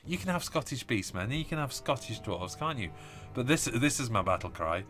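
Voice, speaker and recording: A man's voice: mid-range voice, sing-song, a little fast, a bit bright, faint music behind. A man hosting a casual live stream, chatting, laughing often and reading viewer comments aloud. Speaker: host reading live chat.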